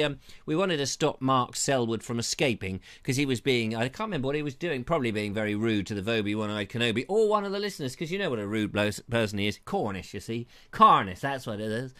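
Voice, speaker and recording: A man's voice: a little high, a bit bright. Playful English man hosting a live stream. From Britain. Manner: playful, jokey, slips into silly voices. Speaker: host. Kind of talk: live-stream chat show. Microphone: lapel mic.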